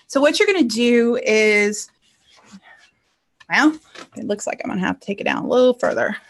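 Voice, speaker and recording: A woman life coach teaching a casual online class over a computer mic, chatty and quick to laugh, tagging her points with "okay?". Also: mid-range voice, a bit bright. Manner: chatty, tags nearly every point with "okay?", laughs easily.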